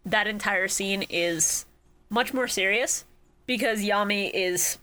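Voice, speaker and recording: A woman's voice: mid-range voice, takes it slowly, pushed and bright. A woman co-hosting a podcast, chatting playfully, laughing often and swearing. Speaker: podcast co-host. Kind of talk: casual chat.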